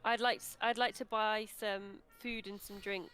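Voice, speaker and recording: A woman's voice: medium pitch, steady tone, moderate pace, fairly bright tone. Inquisitive woman player, faint music. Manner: inquisitive, asks many questions. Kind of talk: tabletop role-play.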